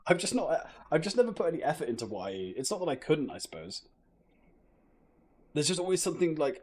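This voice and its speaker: A man's voice: fairly high pitch, expressive, fairly quick, a little mellow, slightly rough. A young British man chatting casually on a live stream, joking with viewers and swearing freely. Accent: British English. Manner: swears a lot, loose and joking, talks to chat.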